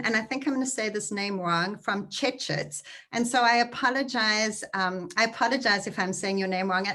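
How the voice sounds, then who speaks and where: A woman's voice: mid-range voice, a bit bright. A woman moderating an interview, reading an audience question in a gracious, affirming way. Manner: affirming and gracious, frequent agreeing backchannels.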